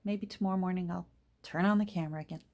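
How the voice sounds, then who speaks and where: A middle-aged woman chatting casually while she crafts at home, rambling along and murmuring soft asides to her materials. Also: fairly low pitch, steady tone, fast talker. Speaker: junk journal crafter and vlogger.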